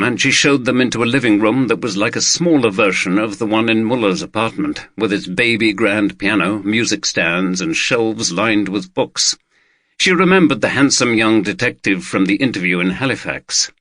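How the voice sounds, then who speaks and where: A man reading an audiobook in steady scripted narration into a studio microphone. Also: fairly low pitch, no echo. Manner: steady, even storytelling.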